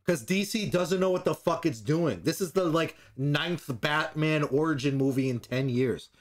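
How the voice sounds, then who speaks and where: A man's voice: on the high side, moderate pace. A man co-hosting a casual review podcast, ranting with lots of swearing and acting out little impressions of people. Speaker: podcast co-host. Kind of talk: casual chat.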